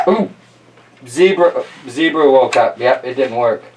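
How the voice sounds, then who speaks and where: A man's voice: mid-range voice, measured pace, darkish tone, distant mic, slight background noise. A man hosting a casual picture-book read-aloud, chatty and laughing often, with jokey asides to the audience. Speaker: storyteller host.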